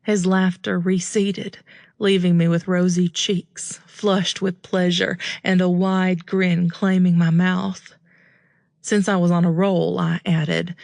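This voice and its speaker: A woman narrating a first-person romance audiobook in a calm, steady, measured way. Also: fairly low pitch, creaky, no room sound, clean studio sound.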